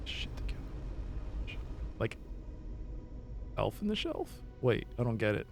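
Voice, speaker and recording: A man with an American accent giving casual, rambling live-stream commentary while playing games, jokey and self-mocking and quick to laugh. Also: medium pitch, huge pitch swings, gravelly, soft background music. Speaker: game streamer.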